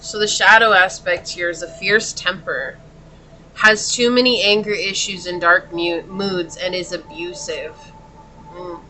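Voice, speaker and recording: A woman's voice: lowish voice, steady tone, a little slow, sharp tone, slight background noise. A woman doing a pick-a-card tarot reading, talking straight to the viewer in an earnest, consoling way. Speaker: tarot reader.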